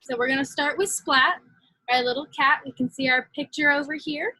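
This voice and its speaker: A woman teaching a phonics lesson to young children, slow and encouraging. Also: high voice, bright, forceful tone, dry recording, rough recording.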